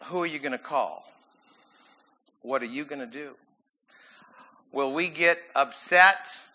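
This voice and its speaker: A man preaching a sermon in an animated, emphatic way, often laughing as he goes. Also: fairly high pitch, slow pace, rough recording. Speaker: pastor.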